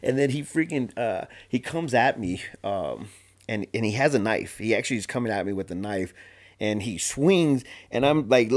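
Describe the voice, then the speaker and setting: A man guest on a podcast telling a story in a casual, animated way, full of slang, fillers and restarts. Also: medium pitch, normal speed. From Arizona.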